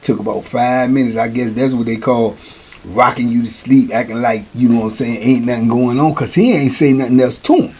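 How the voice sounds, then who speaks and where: A man's voice: medium pitch, a little fast, a little mellow, slightly rough. A middle-aged man telling prison stories in a casual, slangy, repetitive way. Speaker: storyteller, show host.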